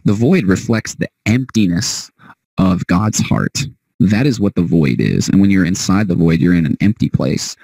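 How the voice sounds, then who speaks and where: A man's voice: sits low, gravelly, a little mellow, breathy edge, no room sound, rough recording. A man hosting a solo podcast monologue, heated and emphatic, cursing freely. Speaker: podcast host.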